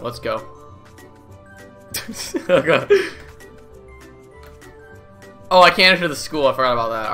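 A man's voice: mid-range voice, pushed and bright. A young man giving casual, goofy commentary as he plays a game, laughing often and swearing casually. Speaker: gaming YouTuber.

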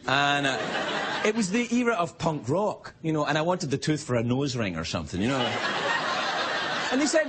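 A man's voice: on the high side, huge pitch swings, moderate pace, heavy background noise. A man with a Scottish accent, hosting a late-night show and telling a comic monologue, slipping into playful voices for the people he quotes. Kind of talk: stand-up monologue. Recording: studio with loud audience laughter. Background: live studio audience laughing.

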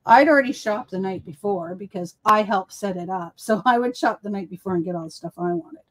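A woman's voice: medium pitch, brisk. A woman with a Boston accent, hosting a casual crafting livestream and telling stories in a rambling, self-correcting way. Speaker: host.

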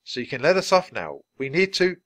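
A man's voice: a little high, very animated, a little fast, fairly bright tone, dry recording, pitched above the performer's own voice. A man reading aloud and voicing an eager, anxious young boy who keeps calling out urgently. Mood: shouting.

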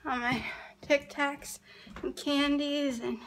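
A woman's voice: sits high, fairly even intonation, slow, slight background noise. A young woman vlogging in a chatty, rambling way, full of fillers, talking into a handheld phone camera. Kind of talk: casual vlog chat.

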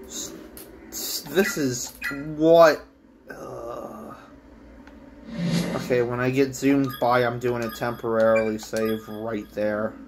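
Excitable woman shrieking through a game. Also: slow pace, pauses often, background noise. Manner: excitable, swings from low mutters to shrieks and screams. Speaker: gamer. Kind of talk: let's-play commentary.

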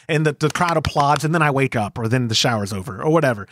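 A man's voice: mid-range voice, fast talker, a little hiss or hum. A man co-hosting a homebrew podcast, telling stories in a casual, teasing way, laughing and acting out quotes. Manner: animated storyteller, acts out quotes, laughs often. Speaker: podcast co-host. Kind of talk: casual banter.

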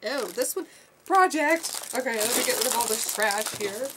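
A woman vlogging a toy unboxing in a casual, gushing, excitable chat at her desk. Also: on the high side, a little fast, noisy background. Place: desk at home.

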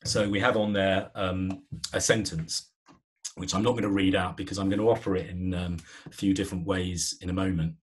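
A man's voice: low-pitched, flat delivery, a little fast, slightly rough. A man giving a live webinar on presenting skills, talking conversationally with frequent fillers and restarts.

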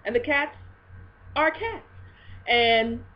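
A woman talking in a casual faith video blog, expressive and swinging between hushed and loud. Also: a little high, slow, dull audio.

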